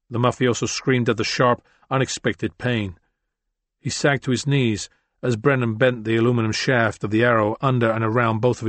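A man reads a novel aloud as an audiobook, delivering scripted narration in a measured, even storytelling style. His voice is mid-range and the recording has no echo.

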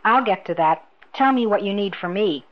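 A woman's voice: medium pitch, animated, normal speed, natural voice. A woman doing a sly, smug old woman. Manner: mocking, knowing, sly. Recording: dull lo-fi recording.

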